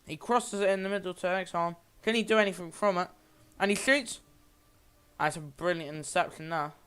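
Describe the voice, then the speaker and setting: A man's voice: sits high, fairly quick, a bit bright, clear, resonant tone. A man giving amateur play-by-play commentary on a football match, rambling a little and often restarting or correcting himself.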